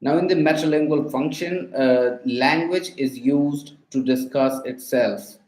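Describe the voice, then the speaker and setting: A man's voice: medium pitch, unhurried, darkish tone, roomy sound, rough recording. A man quizzing a voice assistant on linguistics, hesitant, with many fillers and restarts. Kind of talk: spoken questions to a voice assistant.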